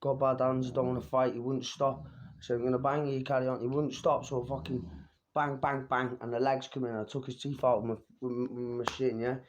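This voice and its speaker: A young man brags about the fights he has won, in a mid-pitched voice. He talks loose and streetwise, swearing as he runs through his tales. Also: level tone, brisk, lo-fi sound. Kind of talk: boastful fight-story vlog.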